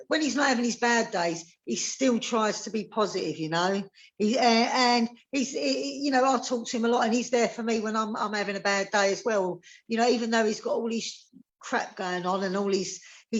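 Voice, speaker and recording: A woman speaking in a heartfelt, halting way, often repeating herself in a conversational interview. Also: medium pitch, lo-fi sound. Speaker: campaigner for a prisoner.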